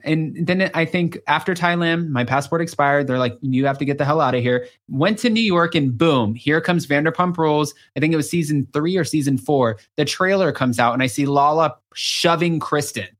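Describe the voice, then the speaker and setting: A man's voice: fairly high pitch, normal speed, few pauses. Man hosting a gossipy chat. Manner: gossipy storyteller, acts out quotes. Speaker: podcast host. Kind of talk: casual chat.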